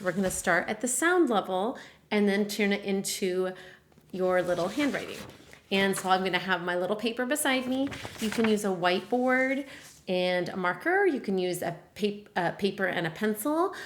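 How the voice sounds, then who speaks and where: Encouraging woman teaching reading. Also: medium pitch. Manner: encouraging, sing-song modeling of sounds to a child. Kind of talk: instructional demonstration.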